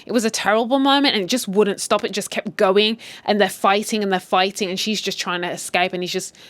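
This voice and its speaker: A woman's voice: medium pitch, fairly even intonation, fairly quick, fairly bright tone, dry recording. A woman casually retelling a drama series in a chatty, candid way, often saying "like". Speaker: series recap host.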